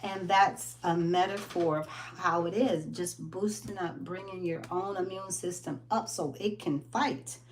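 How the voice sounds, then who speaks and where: A woman giving a casual motivational wellness talk, animated and full of laughter as she acts out stories. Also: fairly low pitch, measured pace, few pauses. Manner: animated storytelling, laughs often, acts out quotes. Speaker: wellness business owner.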